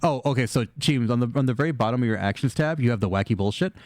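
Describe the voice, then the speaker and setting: A man running a tabletop game, narrating the action playfully, laughing often and swearing freely. His voice sits at an ordinary pitch and sounds dry and close. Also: lively intonation, rapid-fire, darkish tone, dry recording. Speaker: game master.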